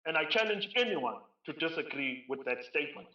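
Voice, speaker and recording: A man's voice: on the high side, expressive, a little fast. Emphatic South African man at a keynote. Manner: emphatic, repeats phrases for stress. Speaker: keynote speaker. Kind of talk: conference keynote speech. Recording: roomy, distant, dull lo-fi sound.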